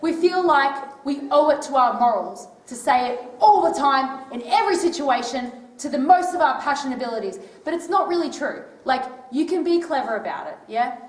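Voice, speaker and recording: An Australian touring public speaker gives a casual talk to a live audience in an old indoor library hall, chatty and forever tagging on "right?". Her voice is high-pitched and animated at normal speed, with hardly any pauses. The hall is echoey and she sounds far off.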